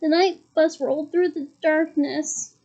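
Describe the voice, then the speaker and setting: A woman's voice: sits high, steady tone, a little slow, mellow. A woman reading a storybook aloud in a casual way, stumbling now and then and correcting herself. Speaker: reader. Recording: muffled lo-fi recording.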